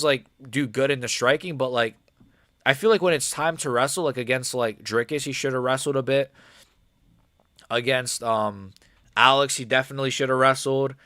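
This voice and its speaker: A man's voice: mid-range voice, bright, forceful tone, no echo, clean studio sound. Young man ranting on a livestream. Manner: frustrated, profane, rambling with many fillers. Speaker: livestreamer watching a fight. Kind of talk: casual live-stream reaction commentary.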